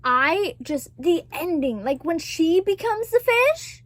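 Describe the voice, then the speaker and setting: A woman's voice: extremely high pitch, sing-song, slow pace, a bit bright, no room sound. Brief: young woman vlogger, dry close sound, gushy and foul-mouthed, laughs a lot. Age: 20s. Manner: gushing and profane, laughs often. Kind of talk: casual chat.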